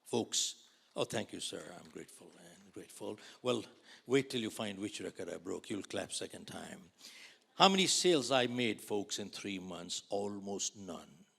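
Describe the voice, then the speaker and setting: A man in his sixties from India, giving a dramatic storytelling keynote that swings between loud outbursts and near whispers. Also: on the low side, expressive, measured pace, creaky, slightly rough. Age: 60s. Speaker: motivational speaker.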